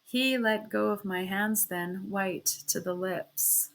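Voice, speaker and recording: A woman reading a classic story aloud in the first person, with expressive shifts in pitch and loudness. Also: slow. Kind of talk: storybook read-aloud narration.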